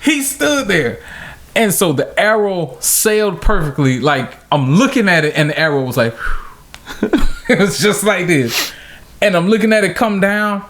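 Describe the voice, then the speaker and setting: Laughing, animated male storyteller. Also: unhurried. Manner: animated, laughs often, acts out quotes in high voice. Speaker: podcast co-host. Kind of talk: casual storytelling chat.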